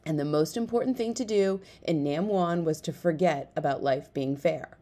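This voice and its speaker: A woman narrating an audiobook, reading the story in a lively way and switching voices for each character. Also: deep voice, normal speed, few pauses.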